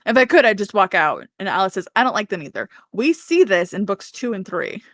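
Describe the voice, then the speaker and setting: A woman podcast co-host with a medium-pitched voice, recorded dry and close. She tells the plot in a loose, chatty way, slipping into characters' voices and laughing as she goes. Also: a little fast, no room sound. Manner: animated storytelling, acting out characters' lines with laughs. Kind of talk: casual book recap chat.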